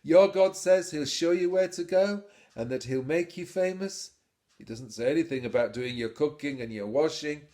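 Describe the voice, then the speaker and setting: A man's voice: on the high side, animated, normal speed, warm tone, close to an everyday voice. A man voicing a devoted wife with dry, teasing humour. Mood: tender, teasing. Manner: teasing, tender.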